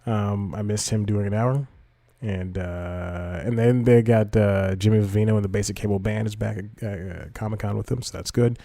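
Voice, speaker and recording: A man's voice: on the low side, fairly even intonation, normal speed, gravelly, hardly any pauses, dark tone, no echo. A young man hosting his own podcast, rambling loosely and restarting his sentences with self-mocking asides. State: slightly out of breath. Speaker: podcast host. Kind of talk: rambling solo podcast talk.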